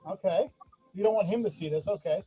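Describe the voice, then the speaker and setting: Male stream host, teasing and jokey, high pitch, dark soft tone. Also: brisk, highs cut off. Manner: joking, teasing. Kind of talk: casual live stream chat, reading viewer comments.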